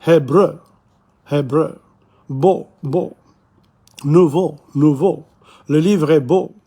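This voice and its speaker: Older male teacher, gravelly, husky, a little high-pitched, repeats words for practice, opinionated asides. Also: takes it slowly, mellow. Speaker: language teacher. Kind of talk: informal video lesson. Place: bookshop.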